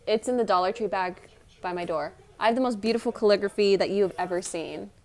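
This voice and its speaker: Woman, twenties, casual vlog chat, fast nervous talker, rambling. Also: mid-range voice. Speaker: vlogger.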